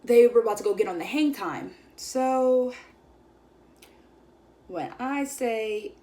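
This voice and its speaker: A woman's voice: fairly high pitch, animated, slow pace, mellow. A young woman vlogger telling a story in a casual, chatty way, full of "like" and acted-out quotes of her friends. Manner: chatty, filler-heavy, acts out quoted friends.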